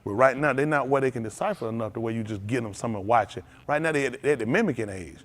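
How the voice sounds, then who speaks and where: A middle-aged man, preaching an animated sermon as pastor, laughing and calling out to the congregation. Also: mid-range voice, racing. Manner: animated preaching with laughs and audience call-outs.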